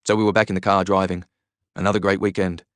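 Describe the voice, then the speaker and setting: A low-voiced man narrates a novel in the first person, steady and earnest. The read is close and dry, with no room around it. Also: fast, smooth, no room sound. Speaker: reader. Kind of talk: audiobook narration.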